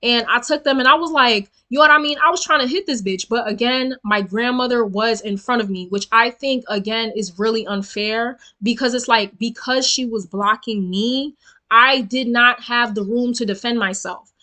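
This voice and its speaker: A young woman, telling a storytime vlog in an animated, profane, emphatic way straight to her viewers. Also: a little high, normal speed. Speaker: storytelling vlogger. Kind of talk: casual storytime rant.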